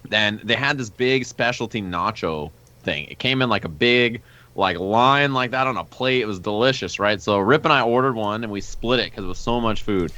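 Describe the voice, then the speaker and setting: A young man hosting a podcast, telling a long story in casual chat, animated, swearing freely, and acting out his friends' lines. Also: on the low side, moderate pace, highs cut off. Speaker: podcast host.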